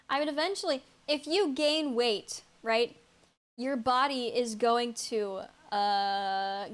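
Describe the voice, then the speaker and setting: A young adult woman streamer chatting casually with her viewers, incredulous and stammering, quick to laugh. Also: sits high.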